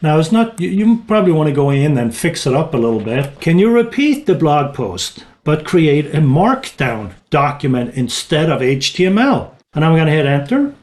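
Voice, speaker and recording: A man's voice: on the high side, darkish tone. Casual man narrating a screen demo. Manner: casual, thinking aloud, with small restarts. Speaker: tech tutorial presenter. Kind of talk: screen-recorded software walkthrough.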